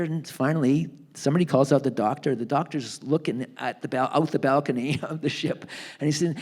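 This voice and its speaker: A man telling a family story in a live onstage book talk, acting out the people in it with lively voices. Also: mid-range voice, a little fast. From Canada. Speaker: author being interviewed. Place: theatre stage.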